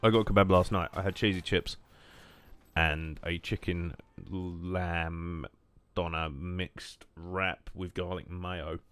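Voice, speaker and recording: A young man with a deep, low voice chats idly over his gameplay. He rambles, cracks jokes and answers his viewers in an easygoing monotone. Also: a little slow, clear, resonant tone. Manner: rambling, jokey, reacting to chat. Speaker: streamer. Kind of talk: casual gameplay stream chat.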